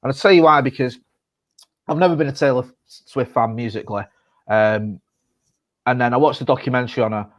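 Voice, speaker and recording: A man's voice: medium pitch, brisk, long pauses. A man, co-hosting a casual podcast chat, sweary and rambling as he tells his stories. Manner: sweary, rambling, animated storytelling. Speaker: podcast co-host.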